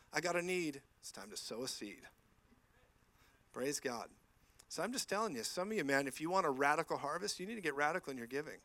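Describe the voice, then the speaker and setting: A man preaches to a church in a fairly high voice, animated and storytelling, acting out each exchange. The sound is dry and close, with little room echo. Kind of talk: sermon.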